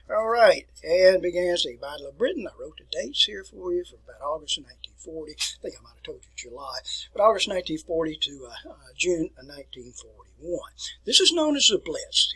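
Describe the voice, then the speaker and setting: A man's voice: on the high side, a bit bright, slightly rough, rough recording. A middle-aged man teaching a recorded history lecture, folksy and digressive, talking to his students as folks.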